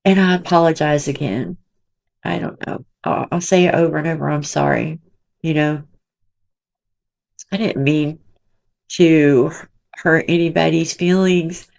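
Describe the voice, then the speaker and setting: Slow, gravelly-voiced woman vlogging indignantly. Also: deep voice, steady tone, a little mellow. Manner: indignant, emotional, rambling. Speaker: commentary channel host. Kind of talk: emotional vlog commentary. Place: small cramped room at home.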